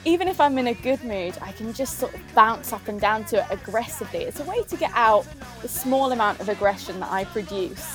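Young posh southern english woman chatting about songs, chirpy and lively, bit of music playing softly behind. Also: fairly high pitch, fairly quick. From southern England. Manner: chirpy, lively, laughs often. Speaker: guest sharing favourite songs. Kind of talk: casual chat.

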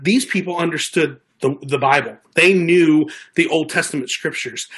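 A man's voice: a little high, a bit bright, slightly rough. A man preaching a sermon, earnest and conversational, often restarting his words as he reads and explains scripture. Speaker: pastor.

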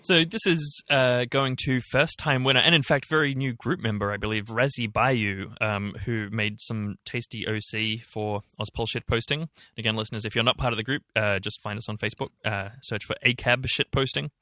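A man's voice: mid-range voice, fairly even intonation, normal speed, hardly any pauses, pushed and bright, no room sound, studio quality. A man co-hosting a podcast, chatting casually with lots of fillers, restarts and swearing. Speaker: podcast co-host. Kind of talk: casual political chat.

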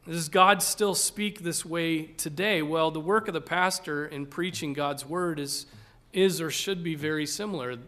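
Slow, earnest preacher man. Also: on the high side, fairly bright tone. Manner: earnest and emphatic, often tags "right?", repeats words. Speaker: pastor. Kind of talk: expository sermon.

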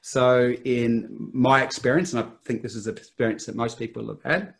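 A middle-aged man in a relaxed business conversation, laying out his rules of thumb on time and marketing. He often restarts mid-sentence and sometimes laughs at himself. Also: mid-range voice, gravelly. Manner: quick, laughing, self-interrupting explanations. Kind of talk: casual business chat.

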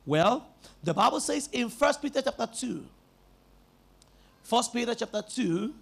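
High-voiced, gravelly preaching man. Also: expressive, a little slow. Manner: emphatic, call-and-response preaching. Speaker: pastor. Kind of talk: sermon.

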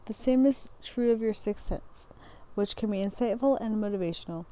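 A woman's voice: mid-range voice, brisk, mellow. A young woman hosting a podcast, reading astrology descriptions aloud in a loose, casual way, stumbling over words, restarting lines and laughing at herself. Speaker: podcast host.

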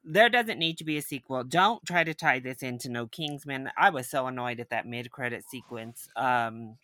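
A man reviewing a film in casual chat, ranting with animated exasperation. His voice is bright and forceful. The sound is dry and close. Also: mid-range voice, normal speed, dry recording. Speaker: movie reviewer.

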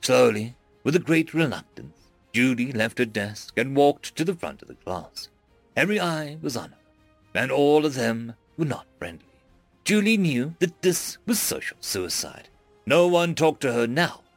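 A man narrating a scripted story in an expressive storytelling manner. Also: mid-range voice, measured pace, no echo, faint music behind. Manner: expressive storytelling, acts out many voices.

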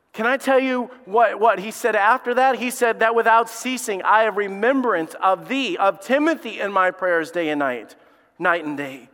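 A man's voice: high-pitched, a bit bright, big-room sound. A man preaching a sermon as lead pastor, emphatic and repeating his key lines.

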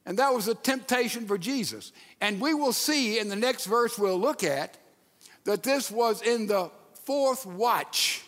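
A man preaching a sermon with emphatic delivery and dramatic pauses. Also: sits high, lively intonation, a bit bright, big-room sound. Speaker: pastor.

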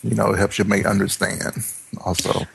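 A man's voice: lowish voice, little pitch movement, moderate pace, gravelly, slightly rough. A man guest on a podcast who rambles casually, full of fillers and laughs. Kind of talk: casual chat.

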